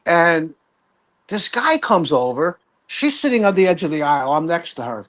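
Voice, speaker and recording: A man in his sixties casually telling a story from his youth, animated and rambling, swearing freely. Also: on the high side, moderate pace. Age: 60s. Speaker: guest storyteller.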